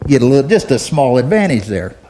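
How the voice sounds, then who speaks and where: A man's voice: mid-range voice, big pitch swings, brisk, dark tone, slight background noise. A man teaching a Bible lesson, telling a folksy story and often repeating words as he talks. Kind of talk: sermon.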